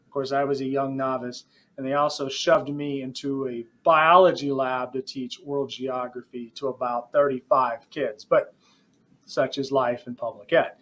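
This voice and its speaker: A man's voice: medium pitch, flat delivery, moderate pace, fairly bright tone. A middle-aged man, a professor giving a conversational, digressive podcast lecture that speaks directly to his students. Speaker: professor teaching future principals.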